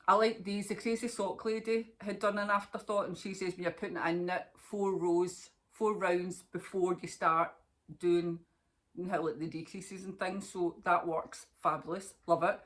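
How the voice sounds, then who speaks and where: A Scottish woman with a somewhat low, slightly bright voice hosts a knitting podcast. She chats casually to the camera, rambling and laughing often.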